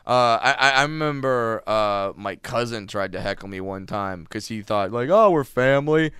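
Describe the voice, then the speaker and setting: A man with a bright, very crisp voice tells comic stories in a casual interview, jumping into other people's voices and laughing along. The sound is dry and close, with no room around it. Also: fairly low pitch, moderate pace, no echo. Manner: animated, laughing, acting out quoted voices. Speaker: comedian guest.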